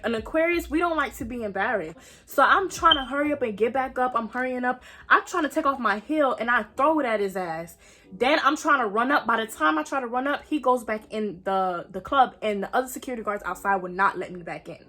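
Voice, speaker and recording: Bright-voiced young woman telling a story. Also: a little high, expressive, brisk. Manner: dramatic retelling, acts out quotes, swears freely. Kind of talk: animated storytime.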